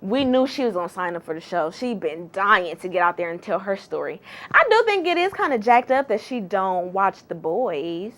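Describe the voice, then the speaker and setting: A woman's voice: mid-range voice, sing-song, moderate pace, a bit bright. A woman hosting a casual gossip vlog, chatty and sassy, with slangy, exclamatory asides. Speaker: entertainment gossip host.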